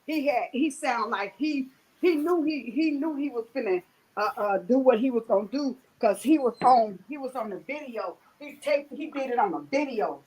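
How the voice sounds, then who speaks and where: A woman's voice: a little high, animated, moderate pace, darkish tone, breathy edge, poor audio. A woman, hosting a casual chat and retelling a story with emphatic repetitions. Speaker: host.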